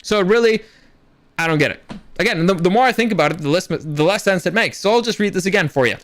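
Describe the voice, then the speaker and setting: A young man hosting a commentary show, ranting in a sarcastic, profane, animated way. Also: high-pitched, quick pace. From Latino background. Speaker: commentary host.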